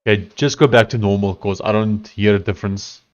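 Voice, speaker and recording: A man's voice: fairly low pitch, steady tone, a little fast, a little mellow, lo-fi sound. A man chatting casually while he codes and tests his app, thinking aloud as he goes. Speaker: developer streaming his coding session. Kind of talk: casual live-coding chat.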